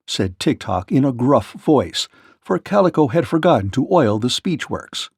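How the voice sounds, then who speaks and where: A man reading a children's storybook aloud in a steady, expressive way. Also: mid-range voice, unhurried, husky, dry recording, studio quality.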